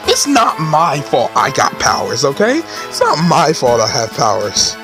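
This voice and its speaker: A man commentating casually over a story game, joking in a playful, animated way. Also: on the high side, a little slow, few pauses, over music. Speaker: gameplay streamer reading game dialogue.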